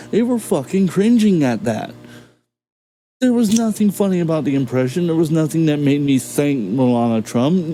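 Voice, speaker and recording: A man's voice: a little high, mellow, slight background noise, poor audio. A man hosting a video reaction show, ranting indignantly and swearing often. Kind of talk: profane reaction commentary.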